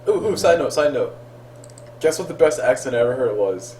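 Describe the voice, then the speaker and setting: A man casting a game in casual chat, excitable and quick to laugh as he tells stories. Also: mid-range voice. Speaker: game caster. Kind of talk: casual chat between casters. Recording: roomy, distant sound with faint room hum.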